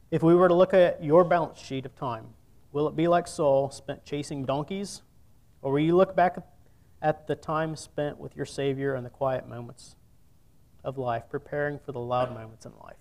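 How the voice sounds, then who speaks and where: An earnest male preacher, midway in pitch, reads old scripture with weight before turning to speak straight to his listeners. His delivery rises and falls in loudness as he presses his points. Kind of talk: sermon with scripture reading.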